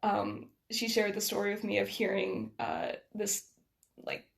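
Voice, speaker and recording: Quick-talking American woman with a gravelly edge. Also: medium pitch, very animated. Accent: American with a slight Scottish lilt. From United States. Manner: quick, rambling, with many restarts and laughs. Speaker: guest. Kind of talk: casual conversation.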